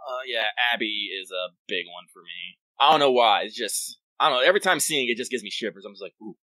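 Lively, bright-voiced podcast co-host man. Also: fairly low pitch, fast talker, no echo, low-quality recording. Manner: rambling, profane, self-interrupting. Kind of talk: casual chat.

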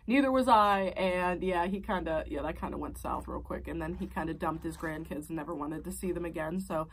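A woman's voice: on the low side, a little fast, distant mic, slight background noise, low-quality recording. A young adult woman telling a personal story casually while eating, blunt and profane, her voice shooting way up when she gets worked up.

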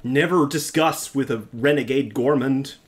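A man's voice: mid-range voice, measured pace. A man streaming a game, screaming and swearing in panic with theatrical outbursts and dry jokes. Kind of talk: live gameplay commentary.

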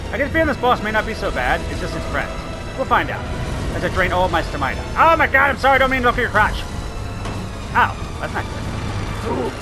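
Loud excitable man shouting over game music. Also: very high-pitched. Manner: excitable, shouting, joking, swearing. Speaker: let's play gamer. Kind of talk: loud gameplay commentary.

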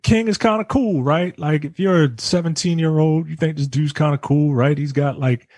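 A man hosting a casual film review podcast, recapping scenes in a halting way with many ums and uhs. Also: on the high side, darkish tone, no echo, studio quality.

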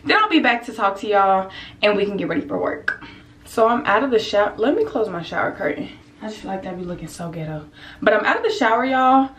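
A woman's voice: medium pitch, reverberant, a little hiss or hum. A young woman chatting casually to her viewers in a home vlog, laid-back and talkative, filmed on a handheld camera indoors. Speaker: vlogger.

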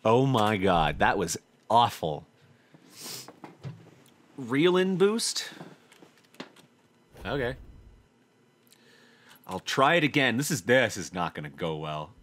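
A man commentating his own gameplay, talking to himself, swearing often and swinging from low muttering to loud frustrated outbursts. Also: very animated, takes it slowly, pauses often. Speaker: gaming channel host. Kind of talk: let's play commentary.

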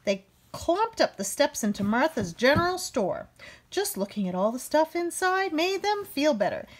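A woman reads a children's picture book aloud. Her voice sits high and swings widely in pitch as she brings the characters to life with raised voices. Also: sing-song, moderate pace. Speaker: storybook reader.

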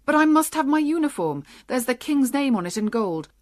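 A woman voices a fussy village policeman in a storybook reading. He insists on his point, higher and stronger than the narration. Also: very animated, a little fast, dry recording, clean studio sound. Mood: insistent.

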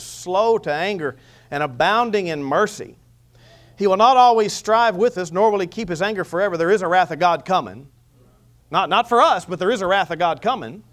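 High-voiced animated pastor preaching. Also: male voice. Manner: animated preaching with scripture reading and humor. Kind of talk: sermon. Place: church.

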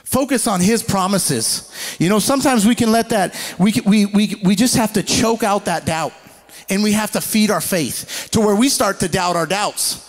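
A man preaching a sermon in an animated way, slowing down to read scripture and acting out quoted people. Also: sits high. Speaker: pastor.

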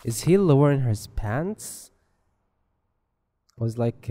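A man's voice: medium pitch, lively intonation, takes it slowly, pauses often, dark tone. A man giving rambling, joking commentary while playing a horror game, swearing often. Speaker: gameplay commentator.

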